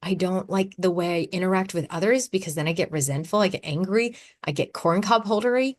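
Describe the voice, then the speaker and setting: A woman in her thirties hosting a casual solo podcast, talking in a chatty, animated way and laughing often. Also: medium pitch, brisk, hardly any pauses. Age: 30s. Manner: chatty, animated, acts out her own quotes. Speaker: podcast host.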